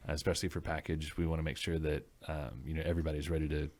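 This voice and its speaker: A man answers interview questions in a measured, steady way with frequent ums. His voice is very deep and keeps a flat, even tone. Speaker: head brewer, guest.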